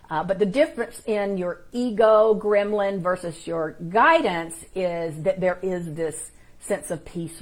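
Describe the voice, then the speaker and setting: A woman's voice: on the low side, darkish tone. A woman hosting a live-streamed spiritual teaching, talking informally and encouragingly, and greeting viewers in the chat by name.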